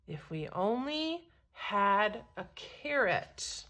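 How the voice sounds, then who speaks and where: A woman's voice: sits high, sing-song, a little slow, bright, forceful tone, exaggerated voice. A woman voicing two cheerful traveling cooks who chant in a sing-song way in a storybook read-aloud. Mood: eager.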